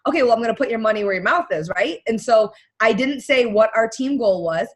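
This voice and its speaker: A woman coach giving a blunt, energetic motivational talk on a team call. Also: a little high, brisk. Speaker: guest coach.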